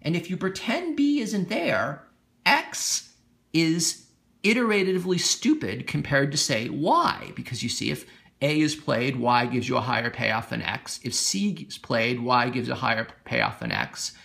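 A man's voice: medium pitch, big pitch swings, measured pace, creaky, a bit bright. A man giving a recorded lecture on game theory, explaining step by step in an informal way and often asking "right?". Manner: informal, repeats words, asks "right?". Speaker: economics lecturer.

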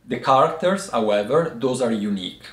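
A man teaching a lesson to camera in a thoughtful, explanatory way, often pausing to find the right word. His voice sits at a middle pitch, and the room adds a noticeable echo. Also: animated, fairly bright tone. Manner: thoughtful, pauses to find words. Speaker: host teaching Chinese tea words.

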